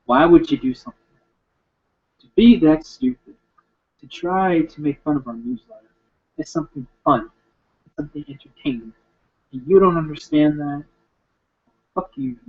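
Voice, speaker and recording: An indignant male online critic rants in a raised, mocking voice, as a man imitates him. The tone is husky. It comes through a dull, lo-fi recording. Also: fairly high pitch, lively intonation, moderate pace, pauses often. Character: ranting male online video maker. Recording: lo-fi dull sound.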